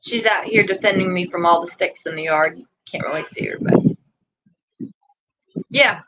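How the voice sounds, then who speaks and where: This woman's fairly low voice moves at normal speed through a very noisy recording. She hosts a casual livestream outdoors in her yard, rambling chattily and interrupting herself to scold or coo at her dog.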